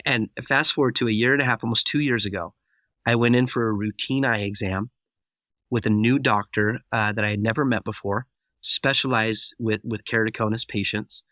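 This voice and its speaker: A man's voice: lowish voice, steady tone, brisk, bright, forceful tone, no echo. A man telling a personal story as a podcast guest, acting out the dialogue vividly. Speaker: guest speaker.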